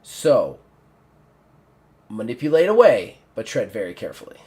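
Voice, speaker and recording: A man running a tabletop game as game master, narrating in an animated way with casual swearing. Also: fairly low pitch, moderate pace.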